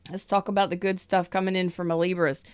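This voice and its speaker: Woman tarot reader, casual live chat, unhurried and kept low; smooth voice, dry close sound. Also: no echo. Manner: keeps her voice low and soft. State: recovering from an illness.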